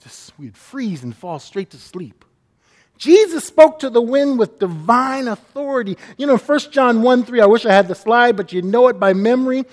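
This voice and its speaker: A man's voice: extremely high pitch, expressive, moderate pace, in a large hall. A man preaching a sermon as pastor, earnest, and often acting out the people he quotes.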